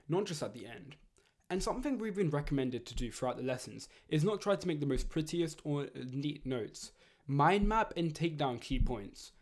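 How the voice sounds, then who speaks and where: A teenage boy, reading out study advice in a steady, earnest, scripted way. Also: medium pitch. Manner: earnest, steady, read-aloud delivery. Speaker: student giving study advice. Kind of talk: scripted educational narration.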